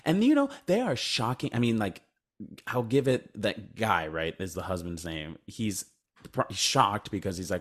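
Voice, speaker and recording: A man with a fairly low voice, co-hosting a casual movie podcast. He rambles through the plot, swears freely and drops into a low mumble when quoting characters. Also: very animated, moderate pace. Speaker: podcast co-host. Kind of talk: casual movie-review chat.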